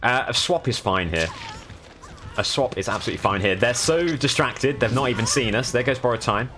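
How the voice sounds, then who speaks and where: Over background music, this young streamer from the south of England chats about the game he's playing live and thanks people for following. His voice is mid-range with a southern English accent, and he speaks fairly quickly.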